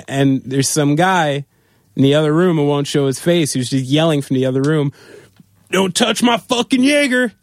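His stories from the road come out loose and laughing, peppered with swearing and fillers, as this drummer speaks as a guest in a relaxed interview. He has a mid-range, darkish voice on a dry recording.

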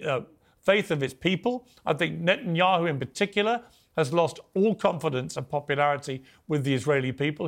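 Firm male debate host, fairly high voice. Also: a bit bright. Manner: firm, cuts in to keep control. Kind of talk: televised debate moderation.

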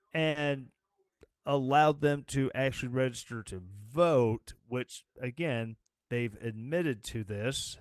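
A man's voice: mid-range voice, slow pace, dry recording, studio quality. Tired, sarcastic man ranting on his show. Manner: sarcastic, rambling, with mocking quoted voices. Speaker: show host. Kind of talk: casual political rant.

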